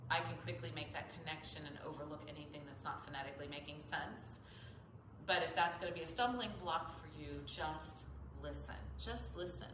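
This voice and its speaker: A woman yoga teacher explaining mantras in a steady, guiding way and demonstrating the chants. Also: deep voice, quick pace. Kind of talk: calm instructional talk with chanted mantras. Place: yoga studio. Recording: echoey room with clear background noise.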